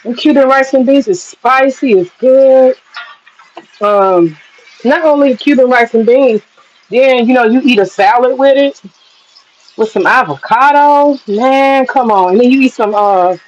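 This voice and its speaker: A woman's voice: sits high, a little slow, muffled recording. Woman cooking vlogger, casual and profane, tells long stories while cooking. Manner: chatty, profane storytelling. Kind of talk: casual cooking vlog chat.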